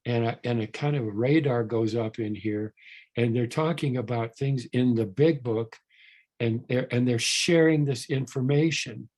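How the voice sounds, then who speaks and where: A man's voice: mid-range voice, measured pace, a little mellow. An older man speaking at a recovery workshop, telling a story in a rambling, earnest way with many restarts and repeated words.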